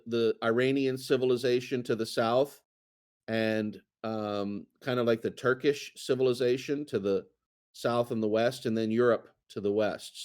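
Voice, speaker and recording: A man's voice: medium pitch, a little mellow. A man co-hosting a casual chat, talking in a rambling way with many fillers and restarts. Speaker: co-host.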